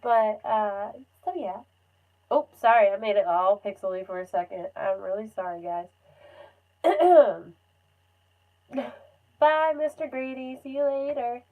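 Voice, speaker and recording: A woman's voice: medium pitch, unhurried, pauses often, narrow, tinny audio. A young woman chatting casually on a phone livestream, rambling with lots of fillers and frequent laughs. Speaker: livestream host.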